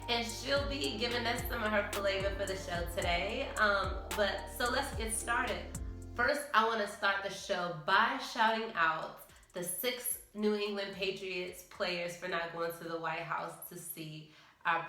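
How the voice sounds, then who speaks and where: A woman's voice: mid-range voice, a little slow, pushed and bright, roomy sound, faint music behind. A woman hosting a casual panel talk show, upbeat, chatty and opinionated. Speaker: podcast host.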